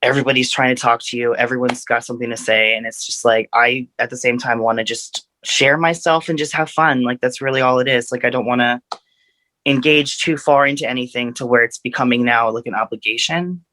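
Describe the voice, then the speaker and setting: A man from Florida, a podcast guest who talks in an unhurried, drawn-out casual way. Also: mid-range voice, fairly even intonation, sharp tone.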